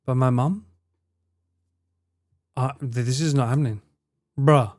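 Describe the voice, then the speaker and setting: A man's voice: medium pitch, fairly even intonation, unhurried, pauses often, darkish tone, no echo, clean studio sound. A young man streaming live, chatting with his viewers in a teasing, mock-outraged way and swearing freely. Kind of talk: casual live-stream chat.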